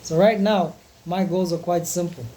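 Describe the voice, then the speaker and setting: A man's voice: high-pitched, steady tone, moderate pace, mellow, slight background noise. A man in his twenties speaking in a frank, raw, profane confessional vlog monologue. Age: 20s.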